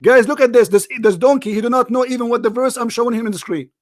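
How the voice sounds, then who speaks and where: A man's voice: extremely high pitch, fast talker, no room sound, clean studio sound. A man hosting a heated call-in debate, talking in a combative, mocking way and repeating his phrases insistently. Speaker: host of a call-in debate show.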